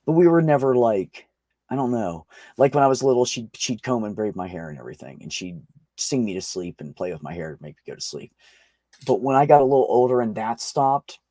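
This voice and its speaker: A man's voice: lowish voice, a little mellow, husky, no echo. A man in casual conversation, telling a long personal story with frequent swearing and restarts. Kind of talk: casual chat.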